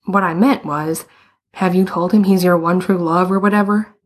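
A woman's voice: on the low side, fairly even intonation, normal speed, close to an everyday voice. A woman voicing a blunt, reasonable young man in a story, speaking in a matter-of-fact, probing way. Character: blunt, reasonable older brother Edward.

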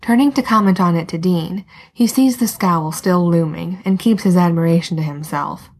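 A woman reading a story aloud as narrator, soft and unhurried, sometimes dropping to a whisper. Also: fairly low pitch. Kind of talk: scripted narration.

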